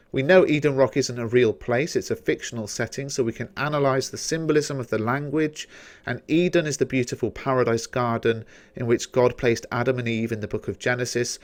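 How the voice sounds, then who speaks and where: A man with a British accent explaining poetry quotations in a revision lesson, measured and explanatory. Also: mid-range voice. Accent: British English. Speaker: English teacher.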